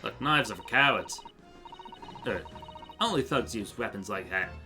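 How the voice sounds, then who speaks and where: Man doing Cockney urchin girl, cocky pickpocket, defiant and taunting, lively swings, game music behind. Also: on the low side, a little slow, full character voice. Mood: proud.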